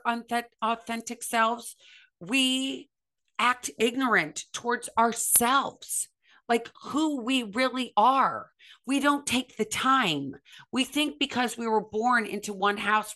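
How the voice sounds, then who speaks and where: Earnest woman with a bright, forceful voice. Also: fairly high pitch. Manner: earnest, emphatic, repeats phrases for stress; acts out others' voices in quoted speech. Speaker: speaker on recovery and self-acceptance. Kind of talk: impassioned motivational talk.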